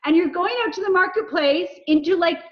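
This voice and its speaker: A high-pitched woman speaks in a relaxed interview, animated as she plays out little exchanges of dialogue. The sound is dull and somewhat lo-fi. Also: a little fast. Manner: animated storyteller acting out dialogue. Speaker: executive coach, guest. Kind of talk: casual interview conversation.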